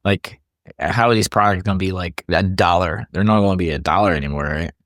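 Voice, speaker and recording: A man's voice: low voice, a little fast, fairly bright tone, dry recording, clean studio sound. A man co-hosting a podcast, talking loosely and ramblingly with lots of fillers. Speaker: podcast co-host. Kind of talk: casual podcast chat.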